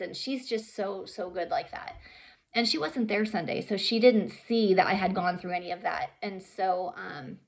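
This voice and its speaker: Earnest woman with a gravelly voice. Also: medium pitch. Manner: earnest, halting, with many fillers and soft whispered moments. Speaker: vlogger sharing her story. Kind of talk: emotional personal storytelling.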